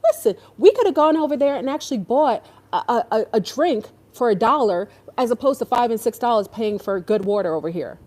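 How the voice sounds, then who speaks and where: A fairly high-voiced woman ranting in casual talk. She sounds exasperated and sarcastic, and her voice swings widely as she drops into mocking impressions. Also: lively intonation, fairly quick, hardly any pauses, darkish tone. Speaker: podcast host.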